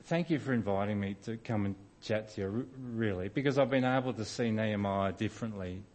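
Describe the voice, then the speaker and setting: A man's voice: fairly low pitch, brisk, darkish tone. A middle-aged man preaching a sermon in an informal, self-deprecating storytelling way, often restarting his sentences.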